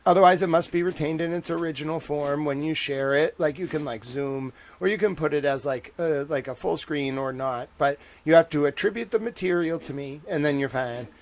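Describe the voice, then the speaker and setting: A man's voice: on the high side, a little fast, few pauses. A young man hosting a livestream, chatting casually and rambling animatedly while reacting to viewer chat. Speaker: livestream host.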